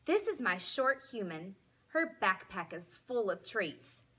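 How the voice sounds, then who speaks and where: A woman's voice: mid-range voice, very animated, takes it slowly, pushed and bright, breathy edge, full character voice. A woman voicing an eager, dramatic young male dog who pleads and whines theatrically. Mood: cheerful.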